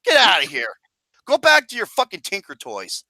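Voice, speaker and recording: Animated, profane ranting man. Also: high voice, moderate pace, no room sound, studio quality. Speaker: podcast host. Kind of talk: casual chat.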